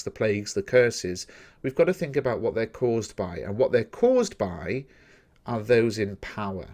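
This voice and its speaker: Methodical English male teacher explaining. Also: medium pitch. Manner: steady, methodical explaining, addressing viewers directly. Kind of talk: recorded exam-revision lesson.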